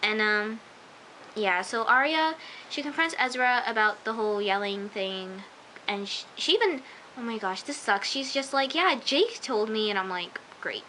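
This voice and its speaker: Young woman, chatty show recap, gushing, slips into whispers, bright voice, faint hiss. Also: medium pitch, normal speed, poor audio. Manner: chatty, gushing, full of "like" and "oh my gosh", drops into whispers. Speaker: show reviewer. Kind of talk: casual episode recap.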